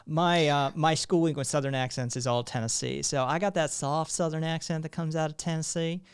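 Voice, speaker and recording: A man's voice: a little high, steady tone, brisk, clean tone. A man hosting a live stream, talking in a rambling way with lots of fillers and restarts. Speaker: streamer host.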